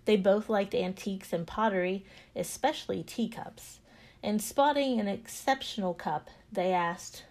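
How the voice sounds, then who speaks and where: A woman podcast host telling a devotional story in a calm, reflective manner. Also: medium pitch, unhurried.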